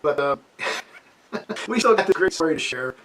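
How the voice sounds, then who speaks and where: A man in his sixties telling a childhood story at home in a casual, animated way, laughing often and acting out the scenes. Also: a little high, moderate pace, slight background noise, poor audio. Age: 60s. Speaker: amateur radio hobbyist. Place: home with a wood stove.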